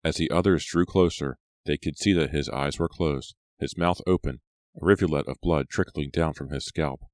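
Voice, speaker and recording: A man narrating an audiobook in a steady storytelling voice. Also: very deep voice, moderate pace, dry recording. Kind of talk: scripted narration.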